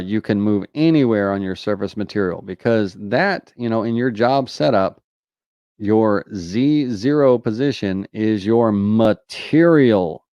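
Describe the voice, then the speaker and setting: A man with a Southern US drawl answers viewer questions in a relaxed live tutorial, stopping often on "uh" and "you know". His voice sits fairly low and sounds smooth and clear. The recording is dry, with little room sound. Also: no echo, dull audio. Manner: casual, many fillers like "uh" and "you know".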